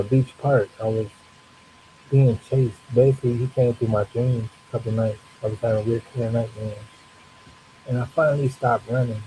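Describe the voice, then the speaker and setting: Male storyteller, casual and profane, mellow tone, animated retelling over a faint hiss. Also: mid-range voice, poor audio. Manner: loose, profane, animated retelling with acted-out reactions.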